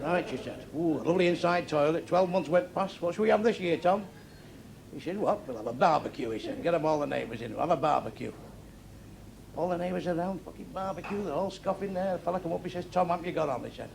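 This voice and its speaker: A man doing stand-up before a live audience, telling crude jokes bluntly with brisk punchlines. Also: a little high, lively intonation, gravelly, noisy background. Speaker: stand-up comedian. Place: club stage before a seated audience. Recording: crowd laughter throughout a live club show. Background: audience laughing.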